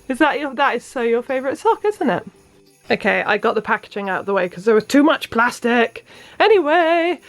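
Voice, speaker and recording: A woman's voice: a little high, lively intonation, normal speed. A woman and new mother chatting casually in her vlog, bubbly and gushing, slipping into sing-song baby talk.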